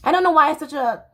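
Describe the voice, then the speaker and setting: A dance teacher in her thirties tells personal stories on a vlog, candid and rambling, full of fillers and restarts. Her voice is high-pitched and fairly bright.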